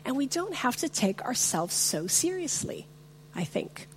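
A woman giving a reflective, self-deprecating talk on faith with a personal story, often pausing with fillers. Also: high-pitched, big pitch swings, a little hiss or hum. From not from the US.

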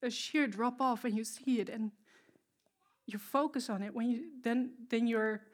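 Woman, non-native English speaker, sermon on stage, heartfelt, somewhat high-pitched, hesitant phrasing. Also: unhurried. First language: not English. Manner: earnest, emotional, with hesitations and restarts. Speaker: preacher. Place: stage before an audience.

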